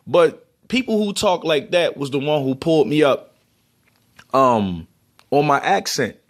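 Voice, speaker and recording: A man's voice: on the high side, animated, a little slow. Chatty Baltimore man explaining pronunciations. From Baltimore, USA. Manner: chatty, demonstrates pronunciations, loose restarts. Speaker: vlogger. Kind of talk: casual explanatory monologue.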